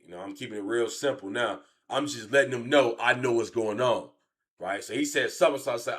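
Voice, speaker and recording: A man spins a rambling, profanity-heavy story on a casual stream. His voice sits at an ordinary mid pitch. He drifts between low mutters and sudden loud shouts. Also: fairly quick. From Chicago. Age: late 30s.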